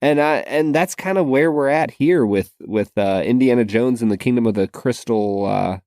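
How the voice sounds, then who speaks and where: A man chats about a film in a relaxed, unhurried way, often stretching his phrases. His pitch sits in the middle of the male range. The recording is close and dry. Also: no echo. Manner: relaxed, drawn-out phrasing, hesitant restarts. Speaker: podcast co-host. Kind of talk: casual film review chat.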